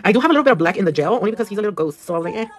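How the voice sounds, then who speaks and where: Livestreaming her nail work with music playing, a chatty woman speaks very fast at a medium pitch with lively intonation. She swears casually, mixes in Spanish, and reads viewer comments out loud.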